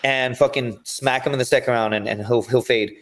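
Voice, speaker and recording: A man guesting on a podcast, telling his fighting stories in an energetic, profane, rambling way. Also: mid-range voice, fairly quick. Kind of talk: casual storytelling chat.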